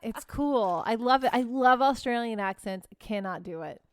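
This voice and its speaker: A woman's voice: on the high side, lively intonation, moderate pace, dry recording. A woman from the American South with a Southern accent, co-hosting a casual podcast and reacting playfully. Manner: reactive, gasps and exclaims, playful. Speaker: podcast co-host. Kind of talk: casual chat.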